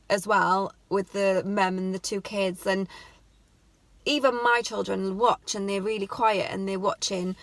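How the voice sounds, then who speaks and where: In a mid-range, slightly bright voice, this woman, a parenting vlogger, addresses the camera casually but earnestly about how parents talk to their kids. Her tone is heartfelt and pleading, and the recording is dry.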